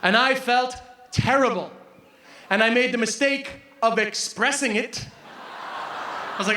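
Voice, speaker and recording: A man in his forties doing stand-up, telling a story in an animated way, laughing and swearing as he goes. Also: very high voice, unhurried, long pauses, slight background noise. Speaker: stand-up comedian. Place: comedy venue stage. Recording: roomy live venue from a distance.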